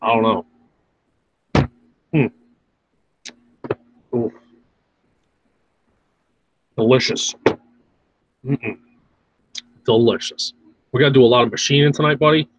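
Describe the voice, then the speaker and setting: A man co-hosting a casual shop-talk podcast, joking and profane, with a husky voice. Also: medium pitch, no room sound, low-quality recording. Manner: joking, profane, drawn-out slow remarks. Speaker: podcast co-host. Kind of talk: casual chat.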